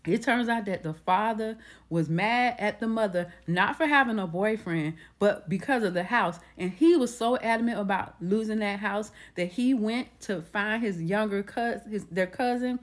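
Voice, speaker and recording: A woman's voice: mid-range voice, normal speed. A woman retelling a true crime case in a casual, conversational way, restarting her sentences often. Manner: conversational, with frequent restarts and acted quotes.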